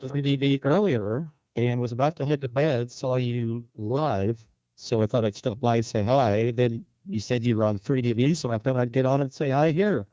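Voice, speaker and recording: A male operator calls in over a digital radio link to say hi. He speaks in a relaxed, plain-spoken way. His voice is mellow and sounds dull and muffled through the connection. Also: medium pitch, normal speed, dry recording. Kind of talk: casual radio chat.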